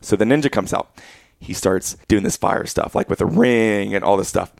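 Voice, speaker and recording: A man's voice: on the low side, moderate pace, vocal fry, dry recording. A man in his thirties telling a story in casual chat, acting out what people said. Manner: animated storyteller acting out quotes.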